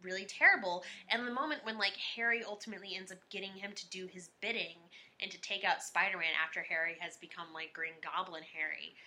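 A woman's voice: lowish voice, steady tone, brisk, few pauses, bright, forceful tone. A woman co-hosting a casual film-review chat, rambling with lots of filler words, swearing and laughing easily. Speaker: podcast co-host.

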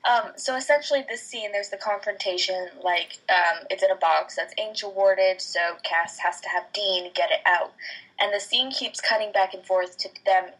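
A woman's voice: mid-range voice, moderate pace, fairly bright tone, breathy edge, low-quality recording. A woman in casual podcast chat, earnestly retelling a TV scene with lots of fillers. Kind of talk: casual chat recapping a TV show.

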